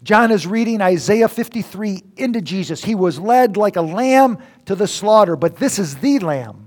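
High-voiced preacher swinging loud to whisper. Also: male voice, lively intonation, normal speed. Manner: dramatic swings from loud exclamations to near whispers. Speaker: pastor. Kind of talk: sermon.

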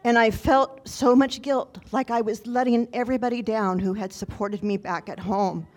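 A woman's voice: fairly high pitch, fairly even intonation, moderate pace, few pauses. A woman telling a personal story to an audience in an earnest, reflective, conversational way.

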